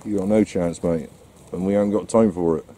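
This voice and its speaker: A man's voice: sits low, steady tone, brisk, mellow, slight background noise. A man filming a countryside walk, chatting casually to his dog and the camera. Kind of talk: casual vlog narration. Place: outdoors in the countryside.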